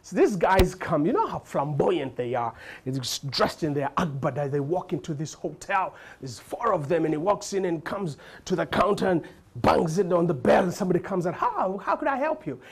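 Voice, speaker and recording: Animated Ugandan comedian, lively pitch. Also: male voice, normal speed, slightly rough. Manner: animated, frequent voice switching and laughter. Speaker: stand-up comedian. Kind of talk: stand-up comedy storytelling.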